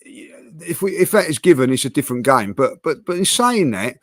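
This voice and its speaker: Hosting a football debate for a fan channel, this man speaks at a normal speed in a slightly high voice. His delivery is animated and passionate, full of fillers and restarts as he pushes his points. The recording is dry, without any room echo.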